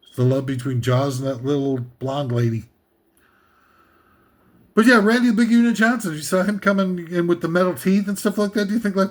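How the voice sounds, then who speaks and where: A man's voice: high voice, a little fast. A man hosting a comedic countdown list, ranting sarcastically and rambling with many fillers and asides. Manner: sarcastic, meandering, with frequent fillers and laughs. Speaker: host.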